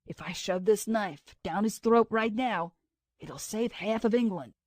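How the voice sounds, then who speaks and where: A woman's voice: mid-range voice, a little slow, darkish tone, no room sound, studio quality, lightly acted. A woman reading the lines of a troubled man who speaks in an earnest, brooding way. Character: man, intense time traveler, troubled.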